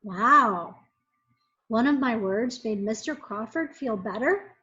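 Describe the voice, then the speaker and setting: Figure: an excited young boy who shouts high and loud when upset, put on by a woman reading to her class. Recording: muffled and lo-fi. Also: takes it slowly, full character voice. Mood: amazed.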